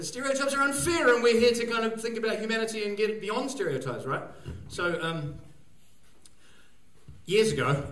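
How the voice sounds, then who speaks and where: A man with a New Zealand accent performs a loose, rambling stand-up set, his voice sitting fairly high. He leans on fillers and bursts into shouts now and then. The sound is echoey and roomy, heard from some distance off the mic. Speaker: stand-up comedian. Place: live venue stage.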